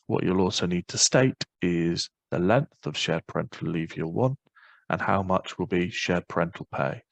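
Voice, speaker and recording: Northern Irish male presenter, low voice, brisk informal webinar delivery, dry mic. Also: vocal fry, dry recording, highs cut off. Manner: quick, informal explaining with many fillers. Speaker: webinar presenter on parental leave.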